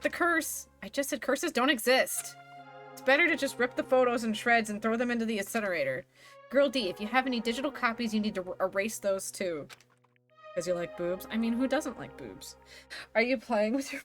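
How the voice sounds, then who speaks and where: A woman streaming a game live, reading the dialogue aloud in playful voices and chatting between lines. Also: on the high side. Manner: animated, reads characters' lines with playful voices and laughs.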